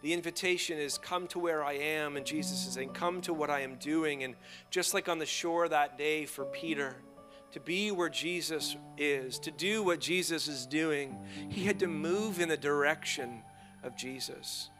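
A man preaching a sermon, drawing the congregation into call-and-response and moving between hushed, slow passages and loud, rising ones. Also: fairly high pitch, music in the background. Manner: playful asides to the audience. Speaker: pastor.

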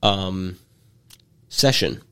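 A man's voice: low-pitched, very slow, pushed and bright, clean tone. A man in his twenties telling a story in casual chat, rambling with many fillers and restarts, and wry and jokey in his delivery. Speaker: podcast storyteller.

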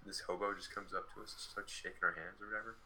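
A man's voice: lowish voice, fast talker, low-quality recording. A young man in his late teens telling a story in a casual, chatty way, full of fillers. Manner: chatty, many fillers, lively retelling.

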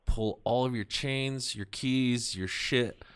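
A man chatting on a podcast, telling a profane, animated story and acting out the voices of the people in it. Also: mid-range voice, takes it slowly, clear, resonant tone. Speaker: podcast talker. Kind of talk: casual podcast chat.

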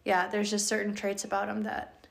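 A woman talking casually on a podcast about her dogs. She is blunt and profane and tells stories with energy. Her voice sits at an ordinary middle pitch. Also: completely flat delivery, moderate pace, gravelly. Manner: blunt, swears freely, storytelling. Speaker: podcast host, dog owner.

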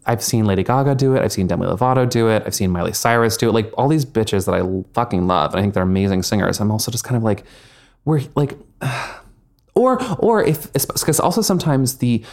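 A man's voice: fairly low pitch, fast, darkish tone. A young man co-hosting a casual podcast chat, rambling with lots of fillers and the odd swear. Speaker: podcast co-host.

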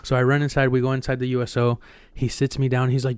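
A young man, a podcast co-host, telling a personal story in a profane, animated way. His voice is smooth and clear, held fairly level in pitch, and the sound is dry and close to the mic. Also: fast, no room sound. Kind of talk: casual storytelling chat.

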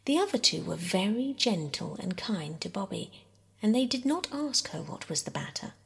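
A woman reading a classic children's novel aloud in a hushed bedtime whisper. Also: medium pitch, big pitch swings, normal speed, gravelly, breathy edge. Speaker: audiobook reader. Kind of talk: whispered bedtime story narration.

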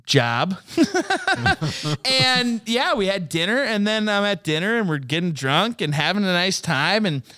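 A young man telling a story in casual chat, animated and profane, laughing a lot and acting out what people said. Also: sits high, unhurried, dry recording, studio quality. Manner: animated, swearing, laughing often, acting out quotes.

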